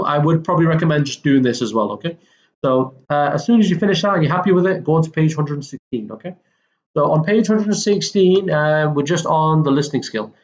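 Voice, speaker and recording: In a lo-fi recording, a man with a fairly high voice casually walks students through an English textbook lesson, frequently using fillers and correcting himself.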